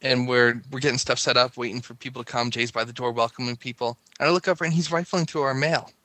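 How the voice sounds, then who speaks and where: A man's voice: medium pitch, fairly even intonation, quick pace, bright, forceful tone, dry recording. A man casually telling a long story, rambling and breaking off mid-sentence with lots of "like". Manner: rambling, self-interrupting, lots of "like".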